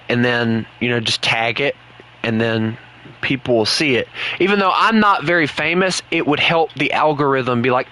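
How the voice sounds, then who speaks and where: A man's voice: mid-range voice, moderate pace, bright, forceful tone, clear, resonant tone. A man chatting casually at home while he plays an online game with friends, rambling and joking with his teammates. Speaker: gaming streamer. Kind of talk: casual chat while gaming.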